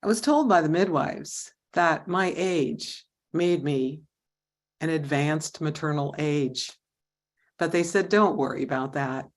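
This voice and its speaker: Low-voiced woman telling a lively story. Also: slow pace. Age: 30s. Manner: animated, acts out quoted voices. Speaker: Toastmasters speaker. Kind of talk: storytelling speech.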